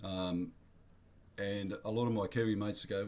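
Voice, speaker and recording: A man's voice: fairly low pitch, steady tone, normal speed, darkish tone. An Australian man vlogging his blunt opinions in a rambling, slangy monologue, often correcting himself mid-sentence.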